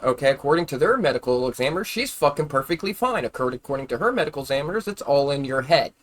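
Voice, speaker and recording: A man's voice: medium pitch, expressive, very fast. A man ranting angrily on a live stream, swearing constantly and repeating himself as he gets heated. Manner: heated, profane, repetitive, grows louder when angry. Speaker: livestreamer. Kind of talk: angry live-stream rant.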